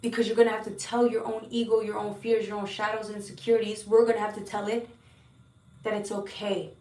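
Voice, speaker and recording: A woman's voice: mid-range voice, level tone, fairly quick, dark tone, reverberant, recorded from a distance. A woman giving a heartfelt, earnest spiritual tarot reading to her viewers, often repeating words and sometimes swearing. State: emotional at times. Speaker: tarot reader.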